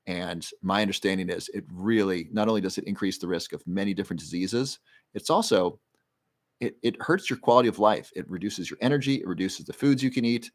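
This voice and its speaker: A man with a fairly low voice hosts a casual livestream. He reads viewer questions aloud and answers them in a loose, rambling way, explaining health research in plain terms. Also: fairly quick.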